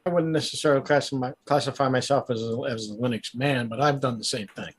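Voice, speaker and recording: A man's voice: medium pitch, fast talker, husky. A man on a casual live tech stream, explaining repairs in a hesitant way and often repeating words.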